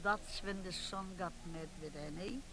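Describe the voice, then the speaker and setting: A woman's voice: fairly low pitch, moderate pace, fairly bright tone, slight background noise, close to an everyday voice, poor audio. A woman playing an older, gossipy and bossy chairwoman who runs a club meeting, chatting and scolding as she keeps cutting herself off. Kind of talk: comic character monologue.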